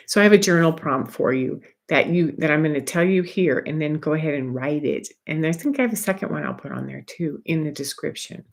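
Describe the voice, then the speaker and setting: Soft-spoken woman giving a spiritual talk. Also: deep voice, fairly quick, vocal fry, hardly any pauses. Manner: soft, meandering, with light laughs and asides. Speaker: spiritual energy guide. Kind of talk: gentle spiritual teaching monologue. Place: at home.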